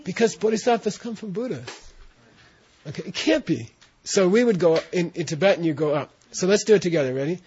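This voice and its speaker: A man's voice: sits high, expressive, a little fast, a little mellow, slight background noise. A man teaching a class, often checking in with his students as he explains, in a dull lo-fi recording of a classroom. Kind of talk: classroom instruction.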